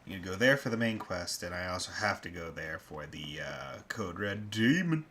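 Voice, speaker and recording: A man's voice: sits low, normal speed, bright, forceful tone, a little hiss or hum. A man streaming a game, commenting casually and crudely, joking and mumbling to himself. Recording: voice over game audio with music.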